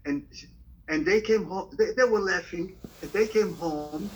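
An older man, speaking haltingly and repeating words in a casual chat. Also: high voice, background noise. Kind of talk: casual conversation.

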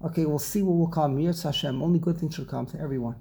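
A man teaching an informal Torah class, explaining slowly and often repeating and restarting his words. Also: fairly high pitch, gravelly, mellow, breathy edge.

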